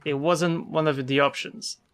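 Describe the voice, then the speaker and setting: A polite, dry-spoken male hero, as a woman voices him. She drops a little below her usual pitch and keeps it plain and unbothered, with faint game music underneath. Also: fairly even intonation, measured pace, smooth. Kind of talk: voicing game dialogue in a let's play.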